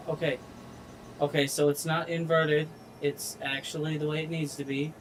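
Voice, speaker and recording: A man talks through a video game in an unhurried, drawn-out way, his voice sitting a little high for a man. He swears constantly and grumbles at the controls as he plays. A faint hiss runs under the recording. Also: fairly even intonation. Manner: frustrated, swears a lot, slow drawl. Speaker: gaming streamer. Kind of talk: casual gameplay commentary.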